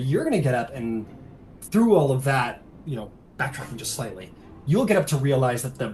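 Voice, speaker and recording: A man narrating a tabletop game as game master, soft-spoken and rambling with many fillers. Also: mid-range voice, a little hiss or hum.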